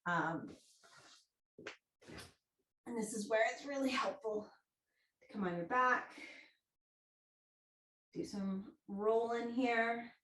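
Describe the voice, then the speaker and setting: A woman's voice: a little high, slow, pauses often, fairly bright tone. A woman leading a casual instructional class on self-massage, talking in a chatty, jokey way with frequent ums. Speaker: movement and bodywork instructor. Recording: roomy echo.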